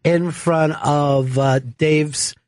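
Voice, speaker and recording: This man co-hosts a comedy talk show, and his voice sits fairly high and moves extremely slowly, with no echo. He swears freely, laughs often, and tells his stories with lively energy in casual comedy banter.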